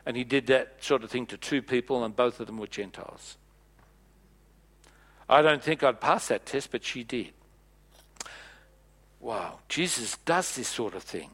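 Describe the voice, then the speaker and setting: A man preaching a sermon in a church, playful and animated, acting out bits of dialogue as he goes. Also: mid-range voice, measured pace, long pauses.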